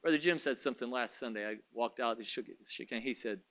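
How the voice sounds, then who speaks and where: Talking fast in a mid-range voice, a preaching man swings between hushed murmurs and excited shouts. He repeats phrases to drive his points home.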